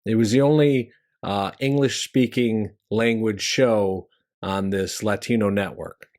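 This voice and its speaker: Animated middle-aged male comic storyteller. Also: unhurried. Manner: animated storyteller who jumps high in pitch for punchlines; conversational, with fillers and restarts. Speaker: stand-up comedian and show host. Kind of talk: storytelling monologue about comedy craft.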